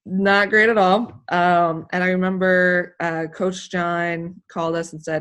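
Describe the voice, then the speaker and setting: A woman from the United States, an athlete telling her story as an interview guest, emotional and animated, rambling with many fillers. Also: on the low side, measured pace, clear, resonant tone. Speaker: interview guest, hammer thrower.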